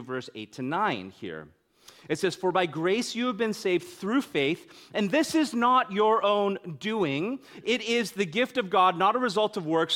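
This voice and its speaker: High-voiced man preaching a sermon. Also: a bit bright. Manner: earnest, conversational preaching with jokes to the congregation. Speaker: pastor.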